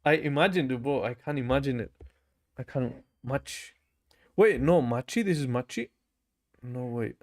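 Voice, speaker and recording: A man's voice: mid-range voice, normal speed, long pauses, a little mellow. A young man with a German accent, chatting casually on a livestream, reading comments, saying bro a lot, laughing often and repeating practice phrases aloud. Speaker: language learner livestreaming. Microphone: camera mic.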